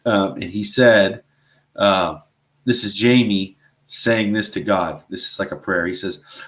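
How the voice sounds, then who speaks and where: A man's voice: fairly low pitch, steady tone, measured pace, fairly bright tone. A man co-hosting a casual faith talk show, speaking earnestly and rambling, with a constant "right?" and "you know". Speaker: podcast co-host.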